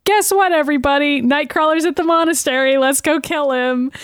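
A woman's voice: sits high, a little fast, no echo, clean studio sound. A young woman co-hosting a podcast, retelling a cartoon episode in casual chat and laughing often. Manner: animated, laughs often, retells scenes in quoted dialogue. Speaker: podcast co-host.

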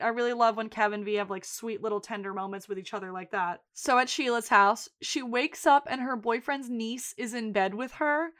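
Chatty woman recapping a show, a bit high. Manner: animated retelling with quoted voices. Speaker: podcast co-host. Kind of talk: casual chat recapping a TV episode.

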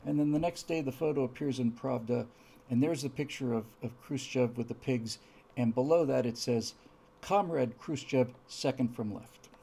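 A man hosting a history talk, an animated storyteller who acts out the punchlines. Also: mid-range voice, normal speed, vocal fry, slightly rough. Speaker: podcast host telling historical jokes. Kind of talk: storytelling lecture.

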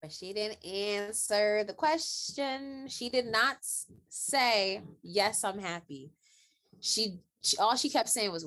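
A woman's voice: medium pitch, slow. A woman co-hosting a casual chat, reacting expressively to a TV episode. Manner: expressive, reacts with gasps and laughs. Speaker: podcast co-host.

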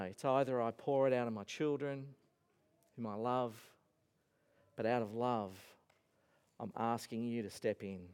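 A man's voice: medium pitch, long reverb tail. A man preaching a sermon as a pastor, telling stories earnestly with emphatic rises and falls. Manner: earnest storytelling, voice rising and falling with emphasis. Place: church hall.

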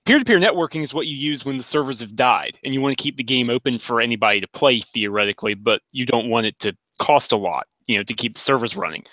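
A man's voice: mid-range voice, expressive, fast, few pauses, pushed and bright, dry recording, low-quality recording. A man co-hosting a gaming podcast, venting with frustrated energy. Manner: frustrated ranting. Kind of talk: casual chat.

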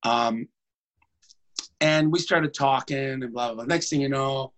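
A man, a tenor singer, telling comic stories in a conversation in an animated way. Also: medium pitch, unhurried, poor audio. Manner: animated, jumps into voices.

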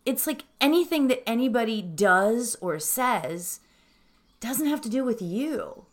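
A middle-aged woman teaching meditation, chatting with animated reflection and then guiding breathing in a calm, soft voice. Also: on the high side, a little slow. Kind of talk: casual talk leading into guided meditation.

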